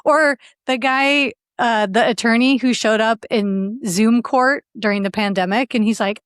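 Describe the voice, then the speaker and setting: A middle-aged woman comedian, a guest on a call-in chat, telling stories in an animated way and laughing often. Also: on the high side, a little slow, hardly any pauses, no echo, studio quality. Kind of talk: casual podcast chat.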